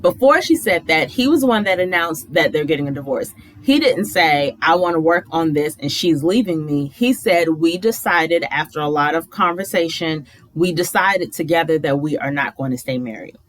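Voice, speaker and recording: A woman casually recapping a reality TV episode, animated and opinionated, mimicking the cast in exaggerated high voices. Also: moderate pace, slight background noise.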